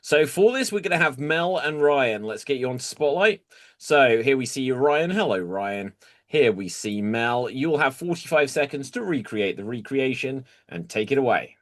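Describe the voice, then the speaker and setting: A man's voice: medium pitch, lively intonation, moderate pace, fairly bright tone. A man hosting an online improv comedy show over a video call, announcing the games with an upbeat manner. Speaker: host.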